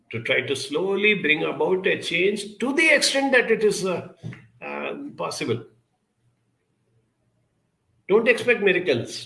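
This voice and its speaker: Gravelly man giving an earnest talk. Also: medium pitch, pushed and bright, echoey room, low-quality recording. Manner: earnest, advising, with frequent hesitations. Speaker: conference speaker. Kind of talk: conference talk with audience questions.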